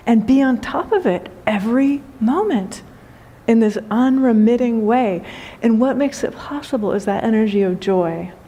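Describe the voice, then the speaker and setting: A woman's voice: medium pitch, warm tone. A woman giving a spiritual talk as teacher, telling a funny story and laughing often.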